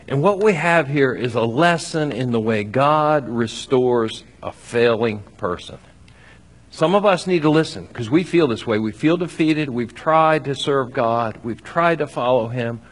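A man preaching a sermon, acting out scripture with lively swings between loud and soft. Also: mid-range voice. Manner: animated, acts out scripture with shifting loudness. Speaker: pastor.

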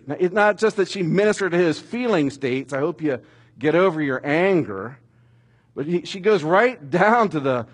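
A middle-aged man preaching a sermon, telling stories with animated emphasis that rises toward shouting at dramatic moments. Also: fairly high pitch, slightly rough. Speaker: pastor.

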